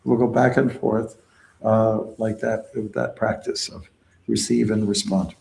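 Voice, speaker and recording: A man with a lowish, creaky, darkish voice patiently teaches a devotional mantra while leading kirtan, calling out lines for the group to repeat. His tone stays level and he never hurries. The low-quality recording carries a little hiss or hum.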